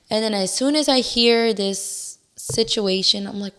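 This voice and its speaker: A young woman speaking as a guest in a relaxed interview. Her voice sits in a middle pitch, and she tells things candidly and with animation, peppering her sentences with "like." She acts out her own past reactions as she goes. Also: unhurried, few pauses. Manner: candid, animated storytelling with many "like"s and re-enacted outbursts. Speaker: podcast guest. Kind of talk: casual interview chat.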